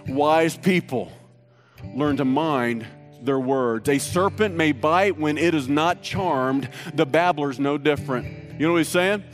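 A man's voice: on the high side, unhurried. A man preaching a sermon to a congregation, emphatic, breaking into sung lines and jokes, with faint guitar music behind. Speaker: pastor.

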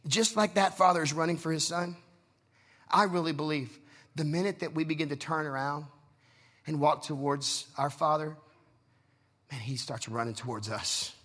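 Man, pastor, sermon, passionate, high voice, bright tone. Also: steady tone, normal speed, long pauses. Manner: passionate preaching, acting out the story's voices.

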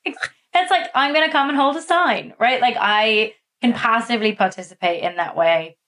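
A woman co-hosting a podcast from Massachusetts, telling stories in a casual, animated way with many fillers. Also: on the high side, normal speed. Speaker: podcast co-host. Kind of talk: casual chat.

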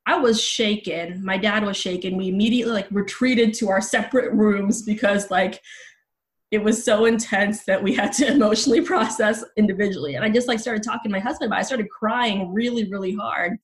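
A Los Angeles woman in her thirties speaks a little fast, her mid-range voice holding a steady tone. As a journalist guest on a podcast joining remotely, she shares a personal story openly, peppered with casual fillers.

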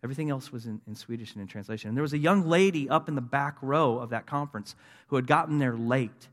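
Earnest preacher in an echoing hall. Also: male voice, mid-range voice, quick pace, fairly bright tone. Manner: earnest storytelling, rising to emphatic declarations. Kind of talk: testimony sermon. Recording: long reverb of a large hall.

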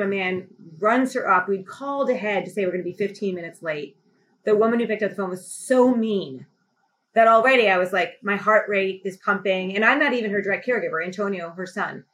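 A woman's voice: mid-range voice, rough recording. Impassioned woman telling a story. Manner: emphatic, rising to impassioned intensity. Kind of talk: passionate conversational storytelling.

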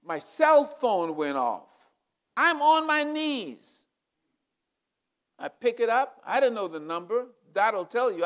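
An older man preaching a sermon, telling a personal story in an animated, emotional way. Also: extremely high pitch, slow pace. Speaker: pastor.

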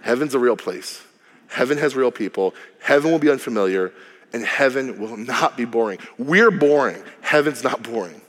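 A man preaching a sermon as a pastor, lively and humorous, dropping to a low hush for emphasis. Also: moderate pace. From Cuban heritage. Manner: lively, humorous, varies volume widely, drops low for emphasis. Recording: long reverb of a large hall.

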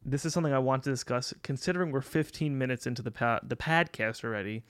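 A man's voice: mid-range voice, quick pace, a bit bright, clean tone. A young man co-hosting a podcast, talking in a loose, rambling way, swearing and laughing often. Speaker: podcast co-host. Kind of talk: casual podcast chat.

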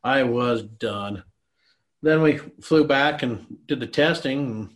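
A man's voice: medium pitch, slow pace, a bit bright. A middle-aged man guesting on a podcast, telling stories in a rambling, casual way, laughing and swearing freely. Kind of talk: casual storytelling chat.

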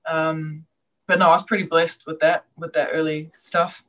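A woman's voice: low voice, normal speed, a little hiss or hum, rough recording. A woman with a New Zealand accent, a basketball player answering casually and candidly as a guest, laughing easily. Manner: relaxed and candid, warm laughs, plain-spoken. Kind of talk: casual interview.

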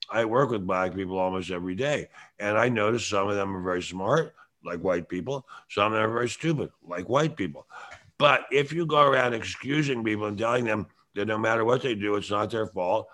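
An older man talks through a casual opinion podcast. He lectures in a long, opinionated monologue. His throat sounds bronchial, and he has to clear it now and then. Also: fairly low pitch, fairly bright tone. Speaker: show host.

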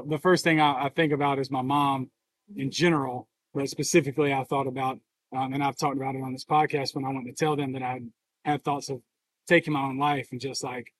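A man co-hosting a podcast who talks in a reflective, halting way and is emotional and near tears. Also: mid-range voice, level tone, no room sound, poor audio. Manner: reflective, halting, open about feelings. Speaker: podcast co-host. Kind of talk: casual podcast conversation.

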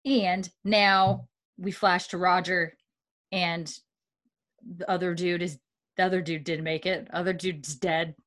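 A woman co-hosting a podcast, casually recapping a TV episode as an animated storyteller who swears freely. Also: fairly low pitch, measured pace.

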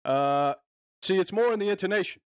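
A man's voice: sits high, expressive, brisk, clean tone, dry recording. A man hosting a casual chat, laid-back and hedging, with many filler words.

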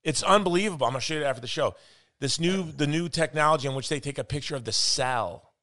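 A man's voice: a little high, quick pace, pushed and bright. A man hosting a podcast, speaking earnestly and reflectively in a casual conversation. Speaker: podcast host.

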